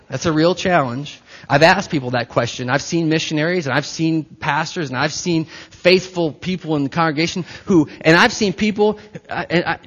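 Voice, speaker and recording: A man preaching a sermon to his church, animated and playful, swinging between soft asides and loud bursts. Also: fairly high pitch, breathy edge, lo-fi sound. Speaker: pastor.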